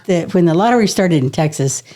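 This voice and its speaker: A middle-aged woman tells a story with lively energy and frequent laughter, her voice sitting a little low. She lets a swear word slip now and then in a relaxed, casual podcast chat. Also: brisk. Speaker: podcast guest.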